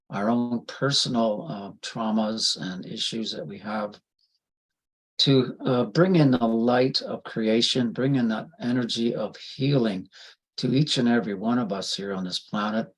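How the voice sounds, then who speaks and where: A man leading a group in a slow, solemn spiritual healing prayer, with a husky voice. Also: lowish voice, poor audio. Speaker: spiritual healer.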